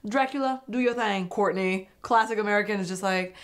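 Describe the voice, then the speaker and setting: A woman's voice: mid-range voice, normal speed, few pauses. A woman giving a chatty recap commentary, laughing often and acting out quotes. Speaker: recap vlogger.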